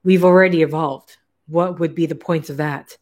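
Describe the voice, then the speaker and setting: A man's voice: fairly high pitch, steady tone, normal speed, darkish tone, close to an everyday voice. A woman voicing a skeptical male scientist who asks blunt, direct questions in a plain voice.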